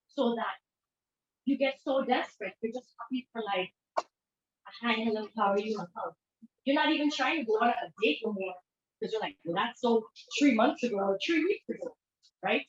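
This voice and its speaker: A woman, a therapist giving an informal conference talk in a conversational way, acting out quoted lines as she goes. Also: on the high side. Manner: conversational, acts out quoted dialogue with shifting voices. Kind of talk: informal lecture presentation. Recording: echoey room, dull lo-fi sound.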